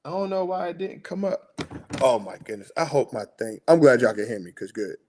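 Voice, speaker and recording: A man hosting a casual sports talk livestream, slangy and excitable, rambling about his picks. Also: medium pitch, fairly quick, slight background noise. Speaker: sports podcast host.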